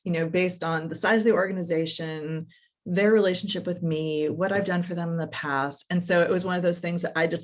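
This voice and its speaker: A middle-aged woman coach telling a work story in a podcast conversation, animated and full of quoted dialogue and fillers. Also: fairly low pitch. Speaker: coach and workshop facilitator.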